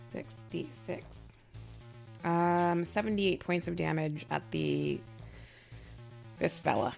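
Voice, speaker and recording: A woman with a low, gravelly voice talks slowly through her turn, pausing and stumbling over the rules. Faint music plays behind her. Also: sing-song, darkish tone. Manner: halting, unsure, gravelly. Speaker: player. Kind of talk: tabletop game play.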